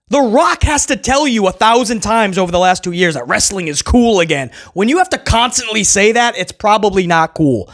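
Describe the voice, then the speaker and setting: A man reviewing a wrestling show in casual, sarcastic commentary. His pitch swings widely as he mocks and chuckles at his own jokes. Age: adult who was a kid in the late 1990s.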